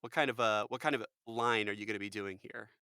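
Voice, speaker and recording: An American man, a voice actor, chatting in a lively, jokey way as a podcast guest. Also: fairly low pitch, fast talker, clean tone, dry recording, studio quality. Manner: animated, jokey, full of fillers. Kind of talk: casual podcast chat.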